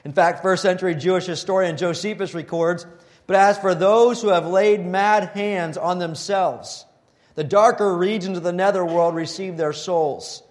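A man preaching a sermon, reading scripture and quotes, and turning animated when he voices the scoffers. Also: high-pitched, normal speed.

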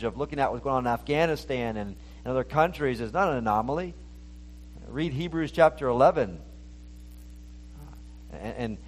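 Earnest male preacher with a mid-range voice. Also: mid-range voice. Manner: earnest preaching with repeated restarts. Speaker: pastor. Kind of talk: sermon.

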